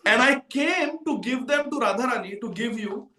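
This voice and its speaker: A man voicing a young man disguised as a shy, delicate girl who speaks softly and coaxingly. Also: very high voice, moderate pace. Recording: echoey hall from far off.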